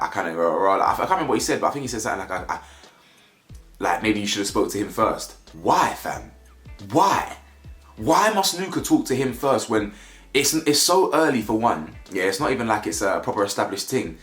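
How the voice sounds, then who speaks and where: A young man talks through a reality show in a casual vlog, full of slang and rhetorical questions. His voice sits a little low. The room is echoey, with faint music playing underneath.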